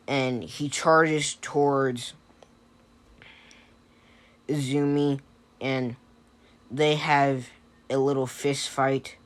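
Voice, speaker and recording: Man telling a story off the cuff, slow pace, hesitant, lots of fillers, casual. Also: mid-range voice, little pitch movement. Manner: hesitant, many fillers and restarts. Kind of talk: improvised fan-fiction storytelling.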